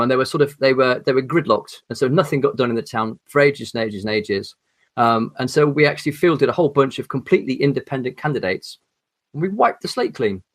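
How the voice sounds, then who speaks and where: English male guest, articulate but halting, mid pitch. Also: a bit bright. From England. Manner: articulate, hesitant with many ums and restarts. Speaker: podcast guest, horror author. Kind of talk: casual chat.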